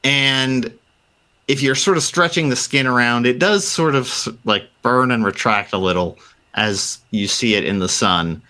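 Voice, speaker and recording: Slow-talking male game master. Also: mid-range voice, sharp tone. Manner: slow, loose, with many fillers. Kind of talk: narrating a tabletop game.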